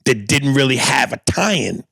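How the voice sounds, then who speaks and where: Male podcast co-host, gravelly texture, blunt and profane, dry close sound. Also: mid-range voice, expressive, measured pace, a bit bright, no room sound. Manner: profane, blunt, reads aloud with acted bits. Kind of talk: casual podcast chat, reading listener emails.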